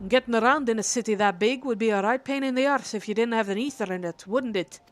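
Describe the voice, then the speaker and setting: Woman putting on a brash male adventurer from a video game, faked Scottish accent, high and loud. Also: quick pace, lightly acted. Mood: hearty. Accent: attempted Scottish. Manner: loud, folksy, slangy banter. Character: rough, cheery male adventurer.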